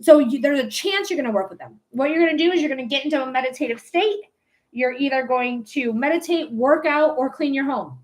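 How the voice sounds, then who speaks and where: A woman's voice: high-pitched, expressive, fairly quick. A young woman giving a live psychic reading in a chatty, blunt way, swearing casually. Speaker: psychic reader.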